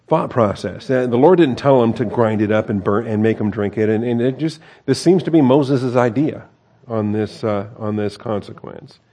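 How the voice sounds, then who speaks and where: A Bible teacher reads scripture aloud and then slips into conversational commentary, adding wry asides and correcting himself. His voice is mellow and fairly low.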